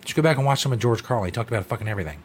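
Profane podcast host ranting casually. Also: male voice, mid-range voice, lively intonation, very fast, a little mellow, breathy edge.

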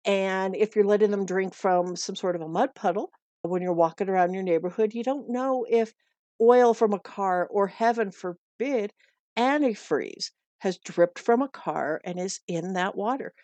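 A woman's voice: medium pitch, moderate pace, darkish tone, dry recording. A middle-aged woman from the United States giving dog-walking and pet tips in a chatty, earnest way that often repeats itself. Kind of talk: casual advice talk.

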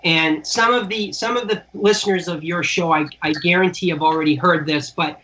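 A man's voice: on the high side, steady tone, moderate pace, pushed and bright. A man who manages celebrities, telling long rambling anecdotes in casual conversation over a remote call. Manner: chatty, rambling anecdotes with restarts. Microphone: remote call audio. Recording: dull lo-fi call audio.

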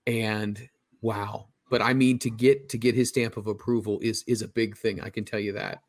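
A man's voice: lowish voice, little pitch movement, normal speed, no echo, clean studio sound. A man hosting an interview, asking long, conversational questions. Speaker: interview host. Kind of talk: casual interview.

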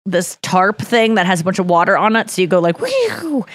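A woman's voice: fairly low pitch, steady tone, fast, no room sound, studio quality. Rambling, self-deprecating woman podcast host. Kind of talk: casual storytelling chat.

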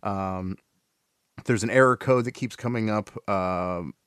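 A man hosting a casual gaming podcast, talking in a relaxed way with lots of fillers and restarts. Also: lowish voice, unhurried, smooth, no room sound. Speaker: podcast host.

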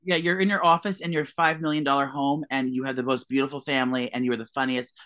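A playful co-host talks casually, teasing and joking with mock-preachy asides. The voice sits in a middle pitch. The recording is close and dry. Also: flat delivery, quick pace, fairly bright tone, no echo. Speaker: podcast co-host. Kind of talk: casual chat.

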